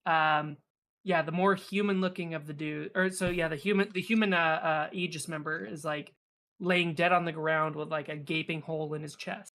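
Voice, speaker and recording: A man's voice: a little high, steady tone, moderate pace, bright, forceful tone. A young man narrating as game master, rambling with lots of fillers and restarts.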